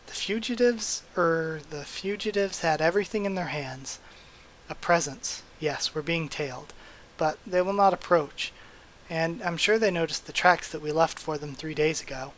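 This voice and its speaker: A man reading aloud as a calm, stoic male demon warrior, measured and quietly wary, during a manga readthrough. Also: on the high side, a little hiss or hum, natural voice, poor audio.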